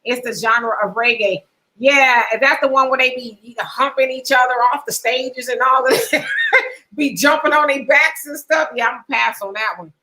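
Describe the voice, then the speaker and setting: Middle-aged woman host, bright and lively, chatty live-stream talk, reads comments aloud. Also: sits high, normal speed, low-quality recording. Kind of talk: casual live-stream chat reading comments.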